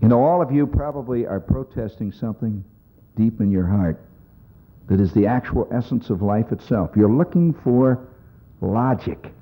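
A man's voice: fairly low pitch, moderate pace. A man telling a rambling humorous monologue to an audience, wry and conversational. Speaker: storyteller performing to an audience. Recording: tinny lo-fi phone-like recording.

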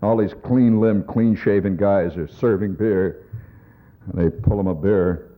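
A man's voice: deep voice, unhurried. A man telling a rambling humorous monologue to an audience, wry and conversational. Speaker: storyteller performing to an audience. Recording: tinny lo-fi phone-like recording.

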